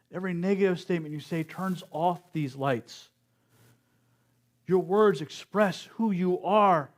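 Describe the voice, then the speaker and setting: High-voiced man preaching slowly. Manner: slow, earnest preaching with acted-out quotes. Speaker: speaker at a spiritual center service. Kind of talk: sermon.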